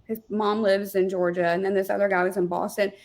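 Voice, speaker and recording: A woman with a gravelly, fry-tinged voice chats as an interview guest. She talks over a video call, telling stories in a casual, animated way and often pausing on fillers. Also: medium pitch. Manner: chatty, animated storyteller with many fillers. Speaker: guest, real estate team leader.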